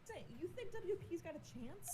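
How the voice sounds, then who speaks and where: A woman's voice: very high voice, animated, normal speed, warm tone, a little hiss or hum, voice pushed up. A woman voicing a spirited young female sidekick in a fan dub of a game, with a perky, bouncy reading. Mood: eager.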